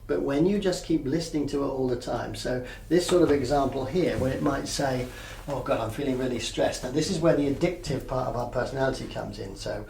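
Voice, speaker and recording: Gravelly man teaching in an echoey room. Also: medium pitch, brisk, hardly any pauses, a little mellow, slight background noise. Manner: conversational, checks understanding often. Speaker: mindfulness coach and therapist. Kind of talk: teaching a group session. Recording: echoey room, mic at a distance.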